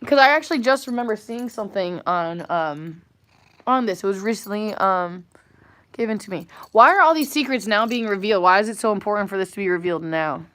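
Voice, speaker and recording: A woman's voice: medium pitch, lively intonation, brisk, a bit bright. A woman hosting a casual live chat from her phone, rambling and playful as she reads comments, first in a car and then at home. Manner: rambling, playful, drifts between topics. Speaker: livestream host.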